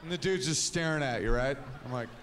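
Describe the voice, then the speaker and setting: A man's voice: mid-range voice, brisk, fairly bright tone, some chatter behind. A man doing a stand-up comedy set in a club, a brash storyteller who acts out both sides of his stories. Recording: noisy club recording with audience.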